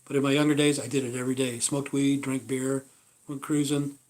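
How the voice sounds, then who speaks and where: Brisk and a little mellow, this livestream host is a fiftysomething man from the United States whose medium-pitched voice barely moves in pitch. His casual talk is blunt and rambling, full of swearing, with sentences trailing into "you know."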